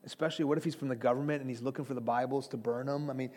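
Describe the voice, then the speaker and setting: A man's voice: medium pitch, fairly even intonation, racing, a little mellow. A man from Iran preaching a sermon, earnest and urgent, speaking straight to his listeners as he tells stories. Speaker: preacher and trainer of pastors. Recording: long hall reverb.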